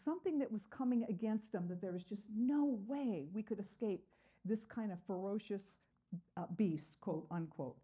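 A woman leads a Bible study lesson in a soft, mellow voice at an everyday pitch. She talks earnestly, peppering her teaching with "uh" and posing questions to the class before answering them herself. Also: moderate pace, husky. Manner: earnest, with frequent "uh" fillers.

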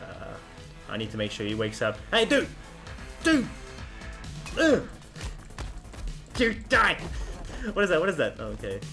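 Excitable gamer guy, bright voice bouncing all over, laughing and yelling at the characters, faint music behind. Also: fairly low pitch, a little fast, creaky, pauses often. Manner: excitable, laughs often, talks to game characters. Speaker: gameplay commentator. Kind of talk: let's play commentary.

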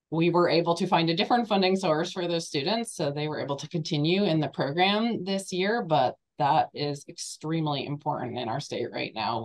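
A woman who is hoarse from a cold and is losing her voice, speaking earnestly as a webinar panelist. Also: a bass voice. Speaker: webinar panelist, residency program leader. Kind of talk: conversational panel remarks.

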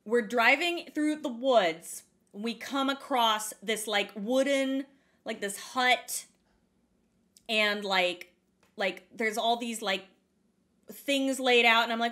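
A young woman with a high, bright voice tells a story on a podcast. She swears freely, fills her talk with "like," and acts out what everyone said. It is loose, casual chat. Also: takes it slowly, pauses often. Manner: animated, sweary, full of "like" and acted-out quotes. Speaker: podcast co-host.

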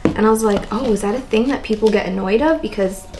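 A woman with a raspy, tired voice and constant vocal fry, chatting casually in a plant vlog. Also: medium pitch, quick pace, darkish tone, a little hiss or hum, poor audio. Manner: chatty, rambling, lots of "like". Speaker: plant vlogger. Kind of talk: casual chat while potting plants.

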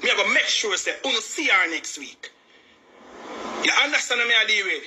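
Male, Jamaican accent, worked-up and emphatic, very bright, piercing tone. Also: high voice, animated, a little fast. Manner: agitated, repetitive, emphatic. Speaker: family member speaking out. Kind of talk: heated personal account.

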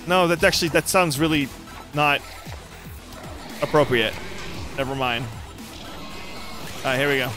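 A young man hosting a let's play, goofy and excitable, joking and yelping at the game. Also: medium pitch, unhurried, long pauses. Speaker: gaming channel host. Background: game music.

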